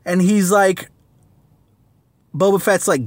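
A man's voice: fairly high pitch, measured pace. A man reviewing a comic book in a casual, rambling vlog, using lots of fillers and slang.

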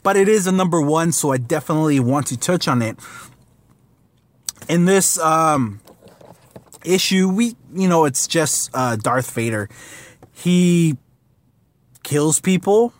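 A man's voice: fairly high pitch, lively intonation, measured pace, pauses often. A man reviewing a comic book in a casual, rambling vlog, using lots of fillers and slang.

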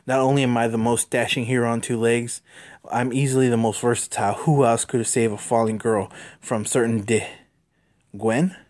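A man's voice: mid-range voice, steady tone, moderate pace, a little mellow, natural voice. A man reading as Spider-Man, a cocky young hero. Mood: desperate.

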